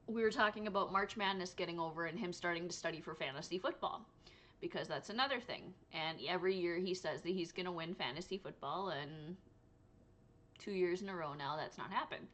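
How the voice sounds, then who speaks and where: A woman's voice: fairly low pitch, fairly bright tone. A tired woman talking casually to camera about her day for her crochet channel, rambling and laughing often. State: exhausted. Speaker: crochet vlogger. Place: home room.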